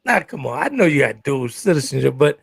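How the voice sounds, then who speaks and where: A man's voice: medium pitch, big pitch swings, a little fast, gravelly, breathy edge, dry recording. A man co-hosting a live talk show about relationships, talking emphatically and often repeating "exactly" and "good stuff".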